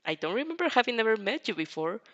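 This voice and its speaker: A woman's voice: on the high side, very animated, quick pace, highs cut off, voice pushed up. A woman doing a teasing laid-back young hero. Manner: teasing drawl.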